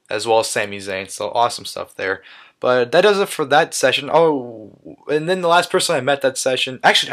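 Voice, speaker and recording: A man's voice: medium pitch, a bit bright. Rambling young man recapping a fan event. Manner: rambling, repeats "awesome" and "you know". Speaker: vlogger. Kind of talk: casual recap vlog.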